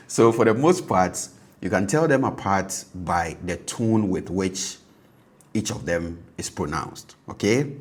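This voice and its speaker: A man teaching a language lesson, patiently explaining and repeating example words for the learner. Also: sits low.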